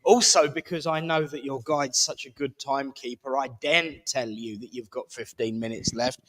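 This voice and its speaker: Slow, chatty man leading a service. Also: mid-range voice, fairly bright tone, low-quality recording. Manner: chatty, self-mocking, playful. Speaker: service leader and host. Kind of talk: jokey announcements and closing prayer. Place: village hall.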